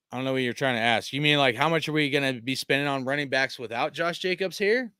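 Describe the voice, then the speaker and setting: Tired fed-up guy ranting on a fan stream, swears a lot, bright edgy voice, dry close mic. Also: mid-range voice, quick pace, hardly any pauses, clear, resonant tone, dry recording. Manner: profane, frustrated venting with lots of fillers. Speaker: fan channel host. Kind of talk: live-stream fan rant reading chat.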